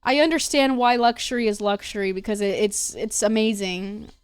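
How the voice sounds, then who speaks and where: A woman's voice: medium pitch, moderate pace, smooth. Chatty young woman streamer, swears a lot. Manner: chatty, gossipy, swears freely. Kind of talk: casual live-stream chat.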